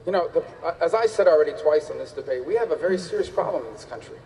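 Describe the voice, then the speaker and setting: Fast, high-voiced man giving debate answers. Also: animated, a little mellow, a little hiss or hum. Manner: emphatic, repetitive rhetoric. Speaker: presidential candidate. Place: large debate hall on stage. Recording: reverberant debate hall.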